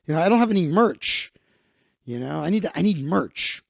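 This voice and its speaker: A man hosts a comedy livestream, rambling and mocking himself in a casual monologue. His voice sits high and swings widely in pitch. He speaks close to a streaming mic in a dry room. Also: animated, normal speed, gravelly, no room sound. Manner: rambling, self-mocking, laughing at own jokes.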